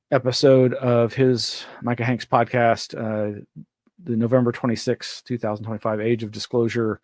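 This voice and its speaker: A man hosts a weekly news round-up, talking in a chatty, meandering way with mid-range pitch. The sound is dry and close, with no room echo. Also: a little mellow. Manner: chatty, meandering, laughs often. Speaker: host. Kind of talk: casual news commentary.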